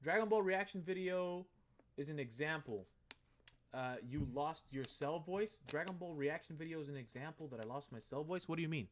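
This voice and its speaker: A young man streaming live, chatting loosely with viewers in an excitable, rambling way and swearing freely. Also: fairly high pitch, moderate pace, slight background noise. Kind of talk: casual live-stream chat.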